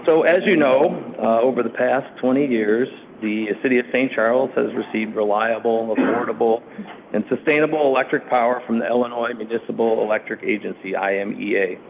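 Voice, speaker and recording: A man on city staff briefs a council committee in a formal presentation, steady but dotted with ums and uhs. His voice has a gravelly edge. The sound is tinny and lo-fi, like a meeting recording piped through a phone line, with a faint hiss behind. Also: mid-range voice.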